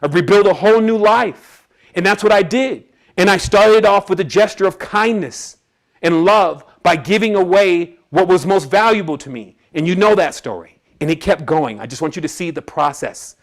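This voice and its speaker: A man's voice: sits high, expressive, normal speed. A man giving a casual, streetwise talk to an audience, telling a personal story and acting out the people in it. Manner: casual and streetwise, acts out quoted voices. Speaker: spiritual presenter.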